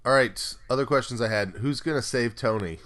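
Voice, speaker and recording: A man's voice: mid-range voice, fairly quick, fairly bright tone. A man hosting a casual podcast chat, upbeat and chatty with lots of "like" fillers, steering the questions. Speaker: podcast host.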